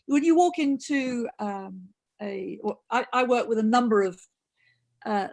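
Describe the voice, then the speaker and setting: A woman speaking in a webinar discussion with a gravelly edge to her voice. She talks earnestly and often restarts her phrases. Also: mid-range voice. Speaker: co-host and consultant.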